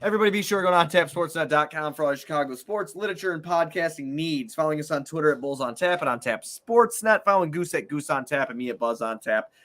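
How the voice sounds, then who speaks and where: A man's voice: a little high, fairly bright tone. Profanity-heavy ranting male podcast host. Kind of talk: casual sports podcast chat.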